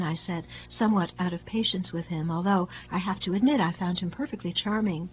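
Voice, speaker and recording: A woman narrating a literary story in a measured, wry and deliberate way. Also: lowish voice, highs cut off, slight background noise.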